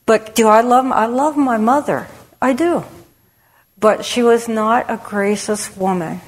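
Her voice is a little high and unhurried. She's a middle-aged women's ministry speaker telling her personal story to a church audience, plain-spoken and conversational, frequently starting over and filling in with "you know," all under long hall reverb.

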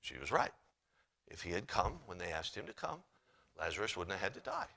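A man preaching a sermon, reading scripture in old-fashioned wording and swinging between hushed, quiet passages and loud, emphatic ones. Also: deep voice, very animated, a little fast, vocal fry. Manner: reads scripture in King James wording.

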